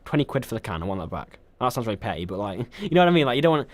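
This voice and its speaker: A young man talks quickly and loosely, rambling through his points with plenty of ums and false starts. His pitch sits in the middle range for a man. It sounds like a relaxed podcast chat between friends. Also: dry recording. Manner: rambling, hesitant, many ums and restarts. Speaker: podcast co-host. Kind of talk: casual chat.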